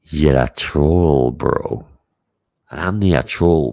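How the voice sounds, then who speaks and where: A man's voice: deep voice, lively intonation, unhurried, vocal fry, a little mellow. A man hosting a livestream, chatting casually to his chat, teasing and swearing freely. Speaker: livestream host.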